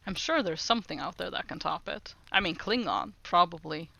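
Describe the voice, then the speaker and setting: A woman streamer chatting casually with her viewers as she practices French, repeating phrases slowly, giggling and greeting chat brightly. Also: lowish voice, animated, gravelly, no echo.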